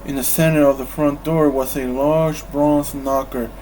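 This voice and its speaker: A calm man reads a bedtime story at a very slow, unhurried pace. His voice sits at an ordinary pitch, with a faint hiss of background noise. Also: low-quality recording. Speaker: storybook reader.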